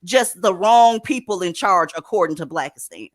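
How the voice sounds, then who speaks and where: A woman making forceful, lecturing points in casual commentary. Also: on the low side, expressive, normal speed. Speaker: panelist.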